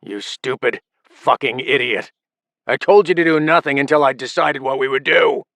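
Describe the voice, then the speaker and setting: A ruthless crime-family patriarch, played by a man with slow, menacing threats and a voice pushed high and loud. His rage comes through in sudden shouts. The voice sounds dry and close. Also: vocal fry, no echo. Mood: furious menace.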